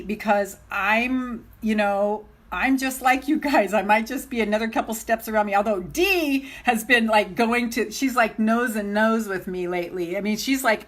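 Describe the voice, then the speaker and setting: A middle-aged self-love coach chats casually on a live stream, speaking straight to her viewers in a mid-range voice. She's gushing and excitable and laughs often.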